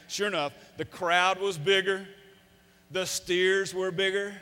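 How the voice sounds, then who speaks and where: A man's voice: sits high, bright, forceful tone. A man in his fifties, a former coach, gives a folksy, emphatic motivational talk, telling stories to an audience. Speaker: speaker, former football coach. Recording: long hall reverb.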